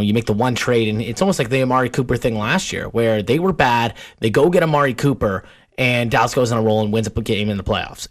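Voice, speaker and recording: A young man co-hosting a sports podcast, ranting in an exasperated way about rude fans in casual chat. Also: mid-range voice.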